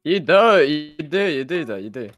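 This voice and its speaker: A man's voice: fairly high pitch, very animated, soft background music. A man playing a game with friends on a stream, teasing and joking with them. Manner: teasing, quick to shout and tease. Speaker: guest player. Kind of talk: casual gaming chat.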